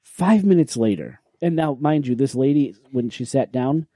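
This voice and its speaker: Guy telling a crazy plane story on a podcast, really dark mellow voice, dry close sound. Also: mid-range voice, moderate pace, no echo. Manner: animated, swearing, acts out quoted lines. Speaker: podcast co-host. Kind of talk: casual storytelling chat. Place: podcast recording room.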